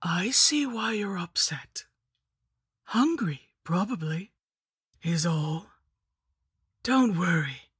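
A woman voicing a rotting, ancient female lich in a whispered role-play, with a slow, mocking, wheezing whisper. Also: on the low side, lively intonation, slightly rough, dry recording, studio quality, heavily acted. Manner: slow, sing-song and mocking.

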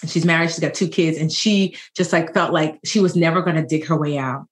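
A woman in her forties, a financial educator and podcast guest, telling stories in a lively, joking way. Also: sits low, fairly quick. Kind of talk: conversational podcast interview.

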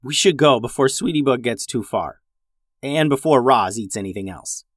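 A man voicing an eager young boy in a storybook reading, pitched well above his own voice. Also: lively intonation, moderate pace, no echo, studio quality, close to an everyday voice. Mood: urgent. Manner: eager, urgent. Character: brave, urgent young boy leading his sisters.

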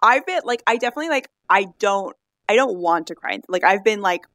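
A woman co-hosting a podcast in casual chat, rambling and halting with lots of fillers and restarts. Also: medium pitch, expressive, fairly bright tone, no room sound. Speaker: podcast co-host.

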